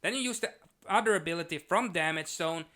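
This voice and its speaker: A man reviewing trading cards in a casual, enthusiastic way, reading card text aloud slowly with frequent restarts. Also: a little high, bright, forceful tone.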